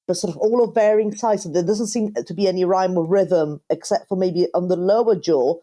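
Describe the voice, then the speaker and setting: A woman's voice: on the low side, moderate pace, mellow. A woman co-hosting a casual podcast chat, thinking aloud with hesitant, self-correcting phrasing. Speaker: podcast co-host.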